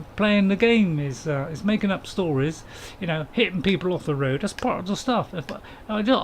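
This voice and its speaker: A man's voice: high-pitched, slight background noise, low-quality recording. A middle-aged man, chatting casually and joking while streaming a farming game and answering his viewers' chat. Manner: chatty, jokey, chuckling, reading chat aloud. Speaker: gameplay streamer. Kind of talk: casual live-stream commentary.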